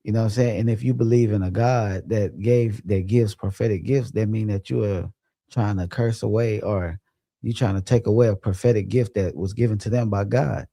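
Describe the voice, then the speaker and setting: A young man hosts a late-night livestream and talks in a relaxed, rambling way. His voice is deep and gravelly, very dark and mellow, and it sounds dry and close with no room echo. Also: normal speed. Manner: laid-back, rambling, laughs often. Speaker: livestream host. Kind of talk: casual livestream chat, reading comments.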